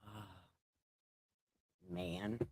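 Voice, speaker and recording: A woman's voice: drawn-out words, a little mellow, dry recording. A middle-aged woman hosting a casual livestream chat, mouthy and swearing freely. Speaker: livestream host.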